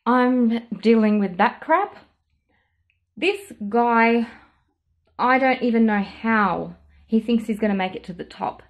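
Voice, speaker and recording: A woman vlogger retells a story in a lively, indignant way and plays out both sides of the exchange. Her voice sits a little high for a woman. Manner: animated, indignant retelling with quoted dialogue. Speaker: perfume vlogger. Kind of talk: casual storytelling vlog.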